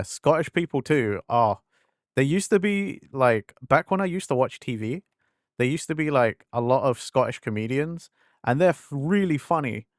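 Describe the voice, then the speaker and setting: On a stream from home, a young man speaks into a desk mic, his English accent worn thin and tilting toward London. His chat wanders, full of fillers and restarted sentences, at an ordinary middle pitch. The sound is dry and close with no room echo.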